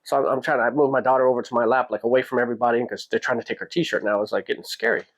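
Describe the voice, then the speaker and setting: A man hosting a podcast, telling a personal story in a casual, animated way and jumping his pitch up when he quotes people. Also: very fast. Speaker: podcast host.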